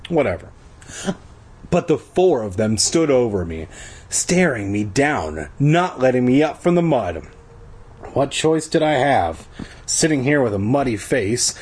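A man's voice: mid-range voice, slightly rough. A man reading a story aloud and breaking off for sarcastic, profane jokes. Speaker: reader. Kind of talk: comedic book reading with crude asides.

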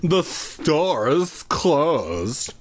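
A man voicing a stern, caped, vampire-like shopkeeper, speaking slowly and menacingly in a comedic read-aloud. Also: fairly high pitch, very animated, breathy edge, full character voice. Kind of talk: comedic read-aloud of a kids' horror book.

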